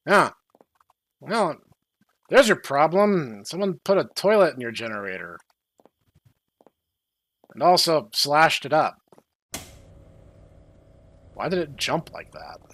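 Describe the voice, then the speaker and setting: A young man doing sarcastic, deadpan commentary while playing a horror game. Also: on the high side, takes it slowly, long pauses, no echo. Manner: deadpan, dry sarcastic asides. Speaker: game streamer. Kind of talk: sarcastic let's-play commentary.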